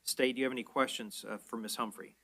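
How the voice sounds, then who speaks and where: A man presiding as judge in a courtroom, explaining orders in a measured, plain way. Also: mid-range voice, fairly even intonation, a bit bright. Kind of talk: courtroom proceedings.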